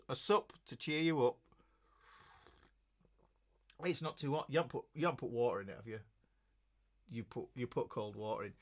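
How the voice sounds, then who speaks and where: Hosting a casual guitar stream, this middle-aged man from Yorkshire speaks at a medium pitch with a slightly bright edge. His talk is playful and meandering, full of hellos to viewers by name.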